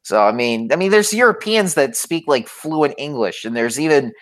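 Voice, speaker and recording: A man's voice: fairly high pitch, lively intonation, normal speed. A man from Florida chatting casually on a podcast, rambling with many fillers and restarts. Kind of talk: casual chat.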